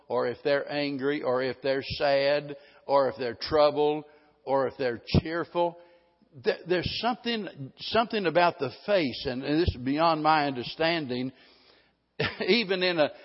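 Middle-aged male pastor, folksy rambling sermon delivery, pitched a little high, muffled lo-fi recording. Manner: folksy, rambling, with many restarts. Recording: dull lo-fi sound with a long hall reverb.

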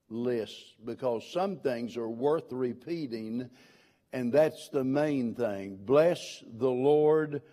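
A man preaching a sermon from the pulpit, quoting scripture and stressing its words in a deliberate, earnest delivery. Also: mid-range voice, dark tone. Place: church.

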